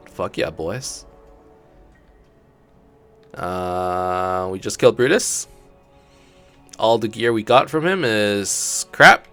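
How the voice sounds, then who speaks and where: A man's voice: medium pitch, fairly bright tone. A man hosting a gaming channel, giving laid-back commentary as he plays, thinking aloud and swearing casually.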